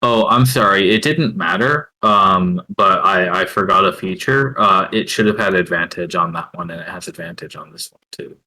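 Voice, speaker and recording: A man narrating as game master of a tabletop game, hesitant and full of filler pauses. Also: low-pitched, lively intonation, sharp tone, poor audio.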